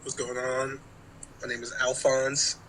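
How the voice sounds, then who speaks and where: A man's voice: medium pitch, level tone, a little slow, bright, forceful tone, slight background noise, poor audio. A man from New York co-hosting a podcast over a call, laid-back and hesitant in his speech. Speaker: podcast co-host. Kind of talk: casual chat. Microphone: remote call mic.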